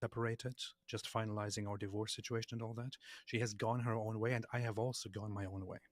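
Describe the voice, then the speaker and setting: A man's voice: fairly low pitch, little pitch movement, fast, no echo. A YouTuber, a man, talking reflectively and self-critically to camera.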